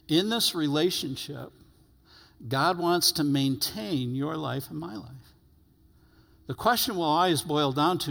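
A man preaching a sermon as pastor, earnest, stretching key words and letting phrases fall to quiet endings. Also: a little high, gravelly. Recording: long hall reverb.

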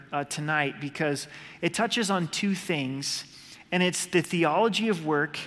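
A male pastor preaching a sermon in a conversational way, slowing down when he quotes scripture. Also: high voice, fairly bright tone. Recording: long hall reverb.

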